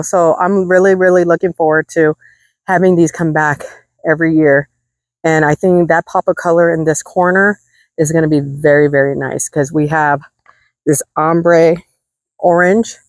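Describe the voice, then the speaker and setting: A woman's voice: fairly low pitch, no echo. A woman vlogging in her garden, chatty and enthusiastic as she talks to viewers, out of breath from the heat. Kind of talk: casual gardening vlog. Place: outdoor desert garden.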